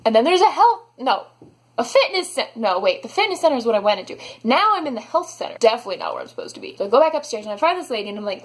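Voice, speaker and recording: A young woman telling a storytime vlog, animated and dramatic, saying "like" a lot. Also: sits high, fast, breathy edge. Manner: animated, dramatic, heavy use of "like". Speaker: vlogger.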